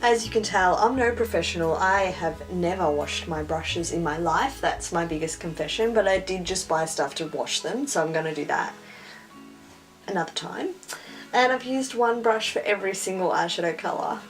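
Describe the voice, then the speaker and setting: A woman's voice: lowish voice, moderate pace, faint music behind. A young woman chatting casually and self-mockingly through a makeup tutorial. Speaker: beauty vlogger.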